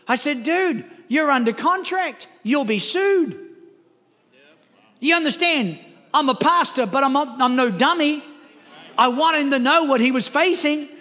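A male pastor, preaching a sermon and telling a story in an animated way, his voice rising and getting louder as it builds. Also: extremely high pitch, unhurried. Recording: long hall reverb.

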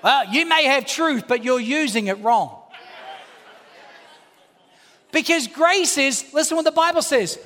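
A pastor in his fifties preaching to a congregation, animated and playful, acting out voices as he teaches. His voice sits very high and sounds bright and forceful. It rings with the long reverb of a large church hall. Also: a little slow, pauses often, some chatter behind. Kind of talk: sermon. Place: church auditorium.

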